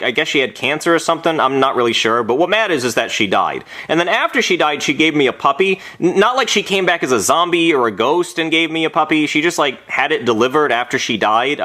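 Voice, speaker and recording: A man voicing a small, brash Brooklyn guy with a Brooklyn accent, telling rambling, petty stories in a comedic animated monologue. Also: mid-range voice. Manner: rambling, brash, easily outraged.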